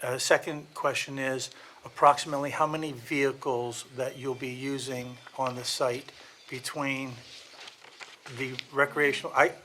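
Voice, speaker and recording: A man's voice: medium pitch, level tone, normal speed, bright, forceful tone, slight background noise. A man on a township board asking careful clarifying questions at a meeting. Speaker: board member.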